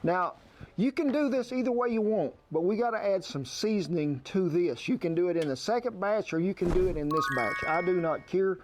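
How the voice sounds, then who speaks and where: A man's voice: sits high, brisk, over music. A man giving a cooking demonstration outdoors at a grill in a folksy, homespun way. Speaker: outdoor cook.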